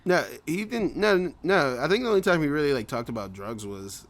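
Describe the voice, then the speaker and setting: A male podcast co-host speaks in an expressive, brisk voice on the high side. His casual chat rambles, with many fillers and frequent laughter.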